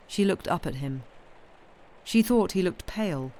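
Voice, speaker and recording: A woman reading literary short stories aloud on a live stream, slow and expressive, lingering over phrases. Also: on the low side.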